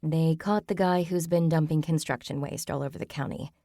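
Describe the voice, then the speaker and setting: A woman's voice: sits low, fairly even intonation, fairly quick, mellow, dry recording. A woman voicing a reserved, dry-witted woman with understated delivery in an audiobook.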